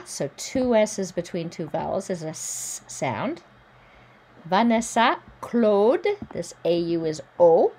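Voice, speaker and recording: A woman teaching French pronunciation, modelling each word slowly and carefully, then explaining the spelling and sounds. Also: deep voice, mellow, slightly rough. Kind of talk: pronunciation lesson.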